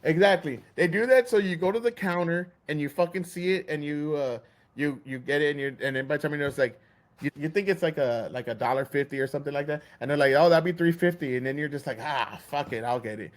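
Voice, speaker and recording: A Texan podcast host with a somewhat high voice talks fast, ranting heatedly in casual, profane chat. He swears freely and acts out the lines of store clerks.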